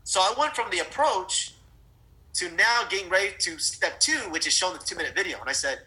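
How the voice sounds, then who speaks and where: A middle-aged man telling a story in a sales training talk. He is animated, often restarts and repeats words, and speaks straight to his audience. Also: sits high, fairly quick, poor audio. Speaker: network marketing trainer.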